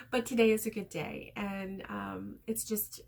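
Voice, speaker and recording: A woman's voice: mid-range voice, fairly even intonation, takes it slowly, creaky, darkish tone. Chatty heartfelt woman crochet vlogger. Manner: rambling, heartfelt, many ums. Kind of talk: casual chat to viewers.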